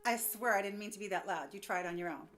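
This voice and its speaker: A young woman giving a singing lesson, upbeat and chatty, explaining as she goes. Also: mid-range voice. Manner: upbeat, explains with quick demos and laughs. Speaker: vocal coach.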